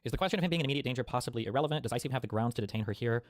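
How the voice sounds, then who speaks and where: A man rattles off reaction commentary at a breakneck pace, arguing with his chat and swearing as he works things out aloud. His voice sits in a middle register and sounds dry and close, with no room echo. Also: mid-range voice. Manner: rapid, profane, argumentative, thinking aloud. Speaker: live streamer reacting to chat.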